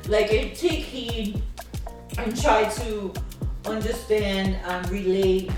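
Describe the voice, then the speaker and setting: A woman co-hosting a casual podcast chat, telling animated stories, laughing often and swearing freely. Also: medium pitch, takes it slowly, long pauses. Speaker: podcast co-host. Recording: echoey distant mic with background music.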